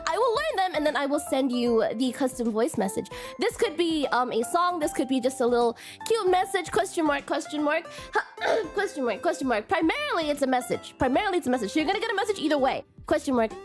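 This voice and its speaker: A woman's voice: high voice, big pitch swings, fast, music in the background. A young woman hosting a live stream, bubbly and nervous, tripping over her words and tacking a cute "question mark" onto her sentences, her voice strained from a recent illness. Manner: bubbly, nervous, keeps adding a cutesy "question mark" tag; stumbles and repeats words. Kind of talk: casual live-stream chat.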